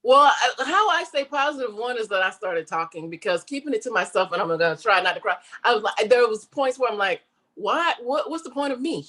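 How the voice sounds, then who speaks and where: A woman guest chatting in a casual interview, animated, laughing often and slipping into quoted voices. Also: mid-range voice, fairly quick, few pauses. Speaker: interview guest, comedian and online creator.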